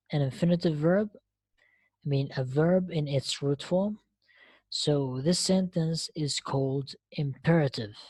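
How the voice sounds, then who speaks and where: A woman with a low, slightly mellow voice and no room sound teaches a live online English lesson over the connection. She explains slowly and patiently, often asking questions to check that her students are following.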